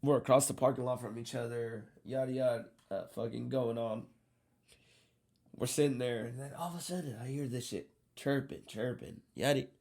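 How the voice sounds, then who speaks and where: Gravelly man telling a wild story. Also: medium pitch, moderate pace. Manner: animated, profane, acts out quotes. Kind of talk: casual storytelling.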